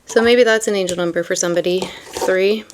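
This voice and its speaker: A woman's voice: mid-range voice, fast talker, background noise. A young woman reading tarot and chatting casually, rambling and full of fillers between card meanings. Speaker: tarot reader.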